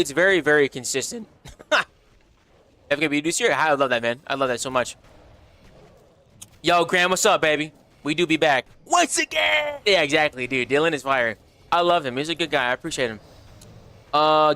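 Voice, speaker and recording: A young man streaming live with a bright, forceful voice that sits a little high for a guy. He talks in loose slang, answers chat as he goes, and jumps from low mumbles to excited bursts. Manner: animated, slangy, reads chat aloud. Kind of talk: casual livestream chat.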